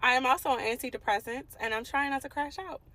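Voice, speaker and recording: A woman's voice: sits high, quick pace, bright, forceful tone, rough recording. A woman in her late twenties from the Washington DC area, telling a personal story to her viewers in an emphatic, indignant way. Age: late 20s. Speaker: vlogger. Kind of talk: storytime vlog, talking to viewers.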